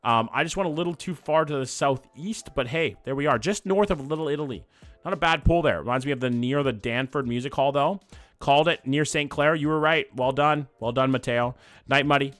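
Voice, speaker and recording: A man's voice: fairly high pitch, a little fast, fairly bright tone, dry recording. A young man, chatting casually with his live-stream chat while playing a guessing game and thinking aloud. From Canada. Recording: dry close mic with faint background music.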